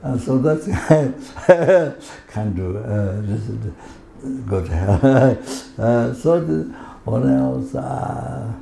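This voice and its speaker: A man giving a Buddhist teaching, halting and full of fillers, often breaking into laughter. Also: mid-range voice, lively intonation, gravelly, crowd noise. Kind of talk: dharma teaching. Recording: echoey hall ambience, faint noise.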